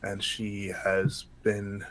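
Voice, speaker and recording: A man's voice: on the low side, monotone, a bit bright, pitched below the performer's own voice, rough recording. A man voicing a formal courtly father introducing his daughter. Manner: slow, formal.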